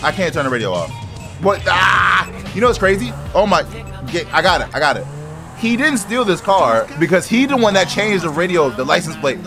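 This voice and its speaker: Brief: young male streamer, high and wildly animated, shouts and swears through the gameplay, with loud game music behind him. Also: a little fast, vocal fry. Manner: shouty, excitable, swears freely, talks to other players. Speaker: streamer playing a role-play driving game. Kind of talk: loud gaming commentary.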